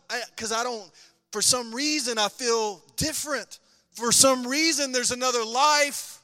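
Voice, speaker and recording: Male pastor, high bright voice, passionate testimony, hall reverb. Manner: passionate testimony, swings between loud and hushed. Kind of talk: sermon.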